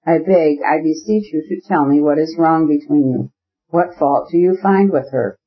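A man reading the part of an anxious woman who pleads earnestly for her friend. The reader keeps his own fairly high male voice for her. The recording sounds dull and lo-fi. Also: moderate pace, husky. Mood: pleading. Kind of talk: audiobook character reading.

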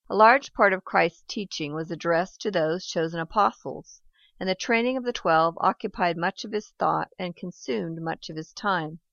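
A woman with a fairly low voice reads devotional prose in a steady, solemn manner. The recording is dry and a little dull. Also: no room sound. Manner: measured, solemn reading. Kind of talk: reading a devotional book aloud.

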